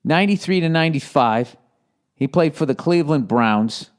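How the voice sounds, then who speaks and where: A Boston-accented man in his forties hosts a casual solo podcast, his voice a little high and expressive at a moderate pace. He rambles, swears constantly, and breaks into shouted movie-gangster impressions.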